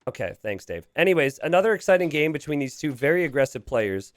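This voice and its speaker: An esports caster, a man with a slightly high voice, calls a strategy game live while bantering with his co-caster. He's animated and joking, laughing readily, and there's no echo.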